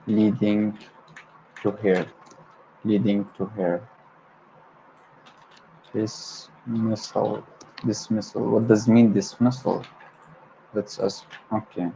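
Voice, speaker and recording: Low-voiced guy, arabic native, livestreaming english word practice, keeps repeating words, faint hiss in the background. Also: warm tone, low-quality recording. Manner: repeats words over and over, stumbles and corrects himself. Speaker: language learner hosting a livestream. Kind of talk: solo livestream vocabulary practice.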